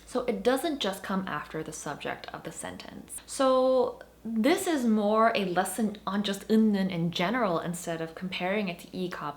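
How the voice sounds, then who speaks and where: A woman teaching a grammar lesson online, her voice rising and falling in a lively, animated way. She explains each point with clear emphasis, like a teacher walking viewers through examples. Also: mid-range voice. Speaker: Korean language teacher.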